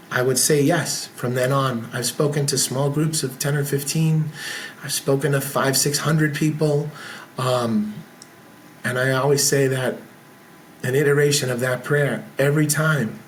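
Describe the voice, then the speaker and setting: A man's voice: mid-range voice, a little hiss or hum. Man telling a story with frank casual talk. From military veteran. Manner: animated storyteller who acts out dialogue. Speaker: podcast guest, business founder.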